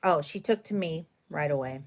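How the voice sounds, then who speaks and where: A woman's voice: low voice, moderate pace. A middle-aged woman, host of a craft stream, telling a long story in a rambling, chatty way with fillers and self-corrections. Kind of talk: casual storytelling during a live stream.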